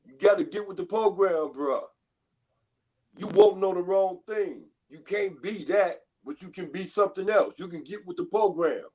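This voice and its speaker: A man's voice: high voice, normal speed, a little mellow. A man calling in to a sports chat, teasing another host with relentless repetitive heckling. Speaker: call-in guest. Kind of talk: trash-talking podcast banter.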